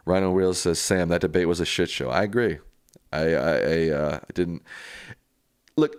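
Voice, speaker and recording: Low-voiced man hosting a live stream. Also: no echo, studio quality. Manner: casual, plainspoken replies to viewer comments. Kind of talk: live stream reading viewer chat.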